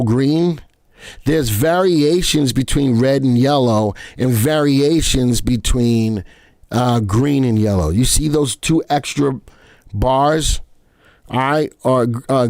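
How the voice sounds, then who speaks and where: A man's voice: medium pitch, darkish tone, dry recording, clean studio sound. A man hosting a live stream, chatting with viewers in a playful way and often stammering and repeating himself. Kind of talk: casual live market chat.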